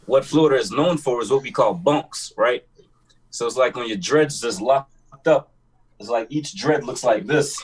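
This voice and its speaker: Husky man hosting a casual chat. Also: medium pitch, normal speed, low-quality recording.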